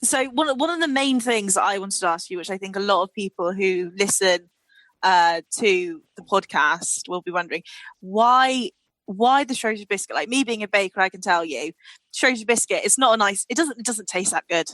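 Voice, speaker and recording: A woman's voice: mid-range voice, normal speed, fairly bright tone, dry recording. A woman co-hosting a podcast, asking questions in a teasing, casual way. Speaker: podcast co-host. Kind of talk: casual chat.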